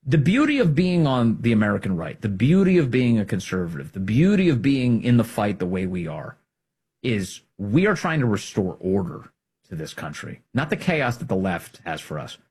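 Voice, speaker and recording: Man, political commentator, husky tone, very animated pitch, emphatic and combative. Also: moderate pace. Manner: emphatic, combative, swings between loud and hushed.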